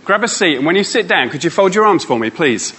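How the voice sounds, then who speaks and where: A man's voice: high voice, big pitch swings, fast, heavy background noise. A man, a motivational speaker giving a live workshop talk and playfully teasing and coaxing his audience.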